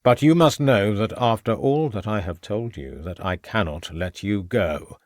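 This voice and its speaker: A man gives voice to a murderous male villain who sneers and gloats as he lays out his schemes. The voice sits low, and the read is dry and close. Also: animated, a little slow, no echo. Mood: menacing.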